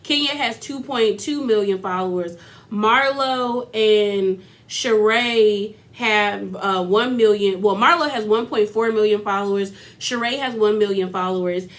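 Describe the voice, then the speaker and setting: A woman's voice: medium pitch, a little slow. A woman vlogger giving a casual, chatty recap of a reality show, full of fillers and laughter.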